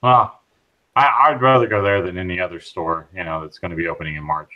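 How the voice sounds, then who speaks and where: A man's voice: deep voice, steady tone, fairly quick, highs cut off. A man co-hosting a casual live-streamed hobby chat, easygoing and teasing. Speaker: podcast co-host.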